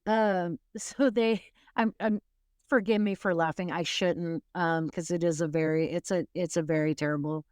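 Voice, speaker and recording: A woman's voice: fairly low pitch, steady tone, normal speed, a little mellow, clean tone, no echo, studio quality. A woman hosting a true crime podcast, retelling a case in casual, rambling storytelling with wry asides and frequent restarts.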